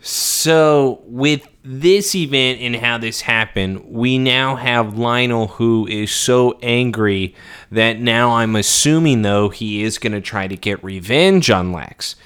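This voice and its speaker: A man's voice: medium pitch, takes it slowly, a bit bright, clear, resonant tone. A man co-hosting a casual rewatch podcast, recapping scenes and acting out character lines with laughter. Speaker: podcast co-host.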